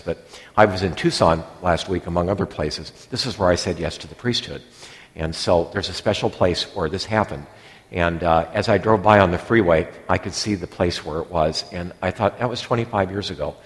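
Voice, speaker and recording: A middle-aged man, a priest, giving a conversational sermon that wanders into asides and acts out quoted lines. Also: sits low. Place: church. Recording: long reverb of a church hall.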